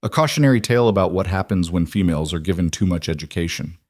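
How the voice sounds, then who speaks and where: A man voicing a frank young woman scientist who speaks in a steady, measured way, read as a storybook. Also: low voice. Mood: earnest. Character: sharp-minded young female scientist, frank.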